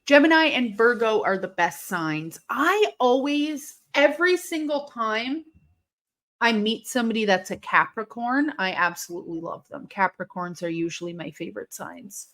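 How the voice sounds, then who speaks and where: Chatting casually with her viewers, a woman hosts a live watch-along stream, replying to chat and bursting into sudden excitement at the action. Her voice sits fairly high and moves at a normal speed.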